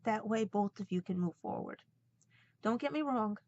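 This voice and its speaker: A woman speaking in a heartfelt personal vlog, earnest and halting at times as she passes on a message. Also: medium pitch, expressive, a little mellow, muffled recording. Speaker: vlogger.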